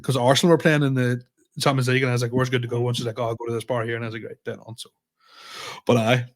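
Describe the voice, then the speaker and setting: Racing along in a flat, medium-pitched voice, a man tells a story while co-hosting a podcast as a comedian. He voices both sides of the conversation in casual chat, with lots of swearing.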